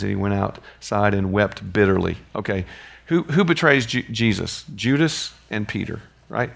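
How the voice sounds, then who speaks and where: A man's voice: fairly low pitch, moderate pace, vocal fry, a bit bright. A man teaching a Bible lesson in a conversational way, restarting phrases and asking rhetorical questions.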